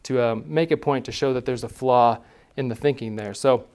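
A man's voice: medium pitch, normal speed, darkish tone, clean tone. Male class teacher, conversational, mid-range voice, quizzes the room.

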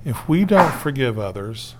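A man preaching a sermon in an easygoing, conversational way. His voice sits at a middle pitch. He acts out the people in the story he is telling and keeps turning to his listeners with little tag questions. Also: very animated, a little slow, heavy background noise. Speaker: pastor.

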